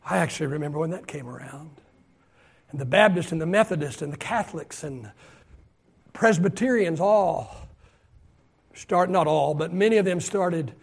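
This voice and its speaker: A middle-aged man preaching a sermon as pastor, swinging between loud shouted emphasis and soft hushed asides, and drawing out key phrases slowly. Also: a little high, gravelly, breathy edge. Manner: drawn-out, slowed phrases for emphasis.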